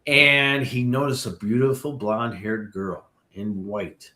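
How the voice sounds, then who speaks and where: Animated man telling ghost stories. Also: fairly low pitch, measured pace, echoey room. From Chicago area. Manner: animated storyteller with many asides. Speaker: paranormal tour guide, guest. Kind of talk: ghost-story telling on a podcast.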